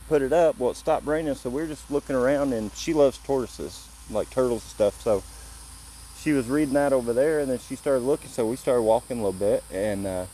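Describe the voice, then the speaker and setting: Plain-spoken man from Illinois, mellow voice. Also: mid-range voice, slight background noise, rough recording. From Illinois, USA. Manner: plain-spoken, retells events through quoted back-and-forth. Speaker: visitor telling what happened to him. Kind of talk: casual spoken storytelling.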